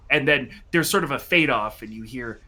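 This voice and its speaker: A man's voice: medium pitch, normal speed, pushed and bright. A man narrating a tabletop game as dungeon master, hesitant and full of fillers.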